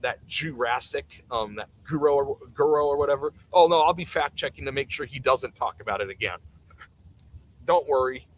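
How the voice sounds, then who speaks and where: A man's voice: mid-range voice, moderate pace, a little hiss or hum, poor audio. Sarcastic dude ranting on his stream, blunt about it. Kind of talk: casual livestream commentary.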